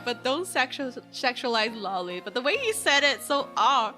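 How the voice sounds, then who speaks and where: Excitable high-voiced woman streamer. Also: moderate pace, hardly any pauses. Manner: excitable, laughing, blunt. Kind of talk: casual game-stream reactions. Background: game music.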